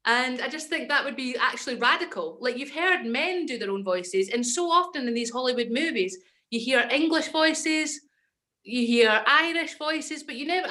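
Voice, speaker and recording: A woman's voice: on the high side, bright, forceful tone. A young Scottish woman, an actress and comedian, chatting as a podcast guest and telling stories with confident enthusiasm. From Scotland. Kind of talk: casual podcast chat.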